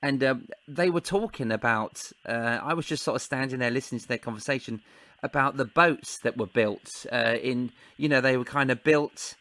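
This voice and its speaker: A man's voice: medium pitch, moderate pace, a bit bright, no echo. A man hosting a podcast, enthusiastic and laughing often in casual chat. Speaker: podcast host.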